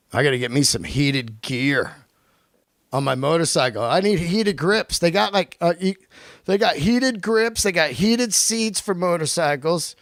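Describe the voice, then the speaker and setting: Profane, ranting podcast host, smooth voice. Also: male voice, on the high side, a bit bright, no room sound, studio quality. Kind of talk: solo comedic rant. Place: lives in Los Angeles.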